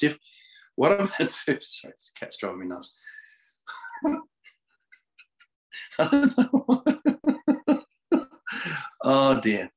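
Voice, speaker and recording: A man's voice: medium pitch, wildly swooping pitch, takes it slowly, pauses often, poor audio. A middle-aged man, a podcast guest, talking in a casual spiritual way and praying, laughing often and repeating his words. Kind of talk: casual spiritual chat and prayer.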